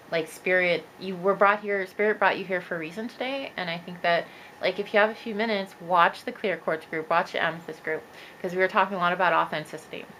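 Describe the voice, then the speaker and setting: A woman's voice: fairly low pitch, a bit bright, slight background noise, rough recording. Chatty upbeat woman reading tarot. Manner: chatty, upbeat, talks straight to viewers. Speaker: tarot reader and spiritual coach. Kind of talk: casual tarot reading monologue.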